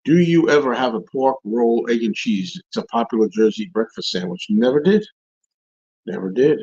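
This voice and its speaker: Ranting through viewer questions on his live stream, this man rambles casually, often repeating and restarting phrases. He speaks a little fast in an expressive, husky, slightly mellow medium-pitched voice, and the recording has its highs cut off.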